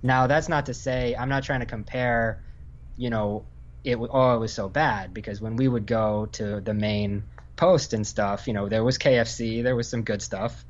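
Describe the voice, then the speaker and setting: A man's voice: medium pitch, steady tone, moderate pace. Man from Northern Virginia, muffled audio. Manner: rambling, many fillers and restarts. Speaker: guest, Army infantry veteran. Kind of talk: casual podcast conversation.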